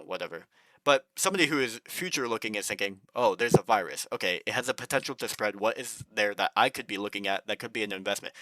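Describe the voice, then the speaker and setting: A young man talks through money tips in a loose, rambling flow, with lots of filler words and an occasional curse. His voice sits a little low but sounds bright and forward. The recording is close and dry, with no room sound. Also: no room sound. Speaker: finance vlogger. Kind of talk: casual advice monologue.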